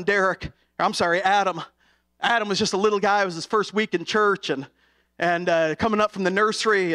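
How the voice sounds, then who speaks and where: A middle-aged man preaching an impassioned sermon, going from hushed to shouting. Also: high voice. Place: college chapel.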